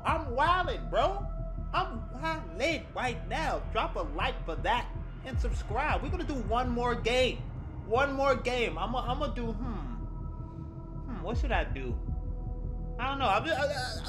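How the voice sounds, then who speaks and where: A gaming video creator giving excited, slang-heavy, trash-talking commentary over gameplay. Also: mid-range voice.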